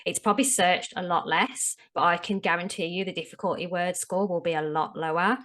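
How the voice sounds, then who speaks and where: Through a low-pitched, easygoing voice, a woman talks as an interview guest, laying out practical advice in a frank, chatty manner. She leans hard on her main warnings and keeps the explanations plain and friendly. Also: fairly even intonation, fairly quick, fairly bright tone. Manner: frank, explanatory, emphatic on tips. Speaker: SEO strategist, podcast guest. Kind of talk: casual interview chat.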